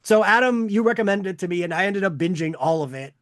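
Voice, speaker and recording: A man's voice: high voice, animated, quick pace, a bit bright, no room sound, studio quality. A man who is a teacher, speaking as a podcast guest in casual chat, hesitant and full of "um" and "like". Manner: hesitant, many "um" and "like".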